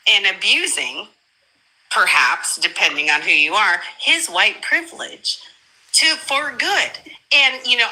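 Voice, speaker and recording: A woman chatting about politics in an animated, emphatic way, with bursts of laughter and sudden high exclamations. Her voice is very bright and cutting, and she takes her time, speaking slowly and deliberately. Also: low-quality recording. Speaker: guest commentator. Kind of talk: casual political chat.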